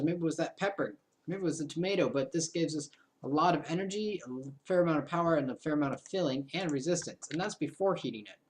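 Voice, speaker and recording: A man's voice: on the high side, slight background noise. A young man in his twenties chatting through a game recording, rambling into self-mocking asides. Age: 20s. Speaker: gaming video host. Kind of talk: casual game commentary.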